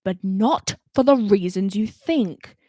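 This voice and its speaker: A woman's voice: medium pitch, slow, dark tone, no room sound, clean studio sound. A woman voicing a bad-tempered male fairy police commander who roars and makes demands, in a storybook reading. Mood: lecturing. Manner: roaring, demanding.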